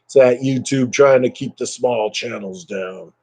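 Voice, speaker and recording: A low-energy man recovering from illness hosts a casual livestream chat, his dark-toned, slightly fried voice moving a little slowly. He rambles and chats, reads out viewer comments and drifts into brief impressions, recorded dry on a computer webcam mic.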